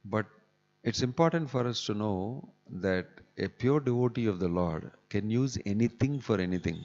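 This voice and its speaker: Low voiced guy preaching in a temple, chatty, chuckles, muffled sound. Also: expressive, normal speed, darkish tone. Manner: conversational, chuckling asides, acts out quotes. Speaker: visiting swami giving a scripture class. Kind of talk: sermon. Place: temple hall. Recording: dull echoey hall recording.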